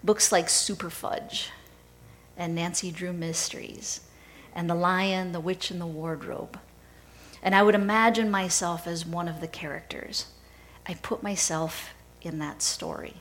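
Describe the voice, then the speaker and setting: Slow, low-voiced woman preaching a sermon. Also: poor audio. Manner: measured storytelling delivery. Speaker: pastor.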